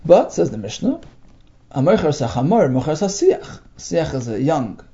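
A man teaching a Talmud text, reading out Aramaic phrases and explaining each in English, halting with many fillers. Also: fairly high pitch, very animated, dark tone. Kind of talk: text study lesson. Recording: dull lo-fi recording.

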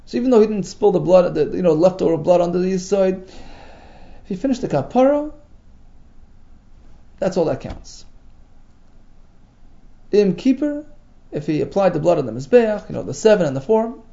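Guy teaching talmud, high animated voice, kinda dull lo-fi sound. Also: vocal fry. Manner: translates Aramaic phrases into English, lively and emphatic. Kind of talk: Talmud class explanation.

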